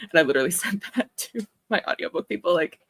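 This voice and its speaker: Young woman, low voice, lively pitch, chatty, laughs a lot, casual chat. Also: fast, breathy edge. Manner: chatty, laughs often, animated rambling. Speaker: author and livestream host.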